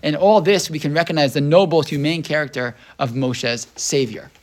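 A man's voice: a little high, normal speed. An American man teaching a Torah class to a small group, asking rhetorical questions, often checking in with "right?", and thinking aloud with restarts.

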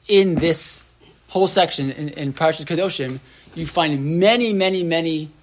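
Chatty rabbi teaching a class. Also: male voice, a little high. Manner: chatty, asks the room "right?", lots of restarts and "like"; mixes Hebrew terms into English. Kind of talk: conversational Torah class.

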